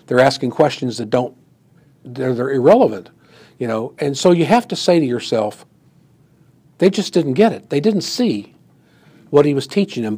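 Mellow husky man preaching. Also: medium pitch. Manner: expository Bible teaching, conversational with frequent "you know"; dramatizes quoted lines with rising emphasis. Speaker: pastor. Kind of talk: sermon.

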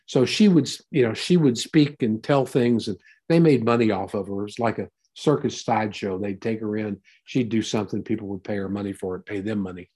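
A man's voice: lowish voice, fairly even intonation, fairly quick, hardly any pauses, warm tone, breathy edge. A man teaching a Bible passage in a conversational sermon, retelling and explaining it in a folksy way.

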